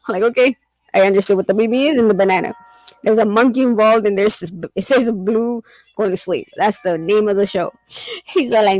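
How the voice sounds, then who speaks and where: A woman's voice: medium pitch, a little fast, darkish tone, no echo, low-quality recording. A middle-aged woman chatting casually and rambling, often laughing as she tells stories about her son. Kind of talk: casual chat.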